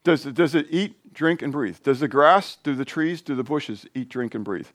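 Rambling, animated male preacher, dry sound. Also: moderate pace, dry recording. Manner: conversational, rambling with asides and restarts; lively, rising pitch when animated. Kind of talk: informal sermon.

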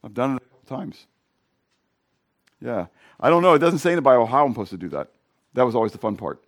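A middle-aged male pastor with a hoarse voice, preaching in a casual, conversational way and questioning his congregation. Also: medium pitch, sing-song, fast. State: hoarse from sinus drainage. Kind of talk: sermon.

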